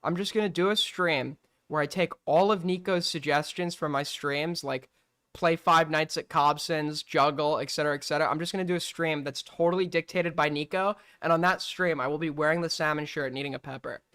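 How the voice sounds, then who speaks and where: A man's voice: on the high side, fairly even intonation, fairly quick, fairly bright tone, clean tone. A man hosting a livestream call-in show, talking bluntly and profanely and firing off rhetorical questions. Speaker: streamer host taking call-ins. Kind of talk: casual livestream commentary.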